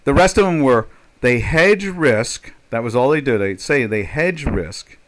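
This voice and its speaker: A man's voice: mid-range voice, expressive, measured pace, a little hiss or hum. An older man chatting casually as a trader on a live stream, rambling and joking, with many fillers and restarts. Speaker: trader hosting a live chat.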